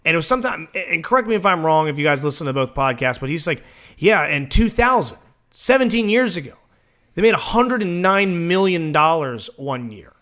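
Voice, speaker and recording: Brash, profane man with a higher voice. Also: big pitch swings, a bit bright. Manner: brash, profane, rapid-fire. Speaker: podcast co-host. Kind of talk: casual wrestling podcast chat.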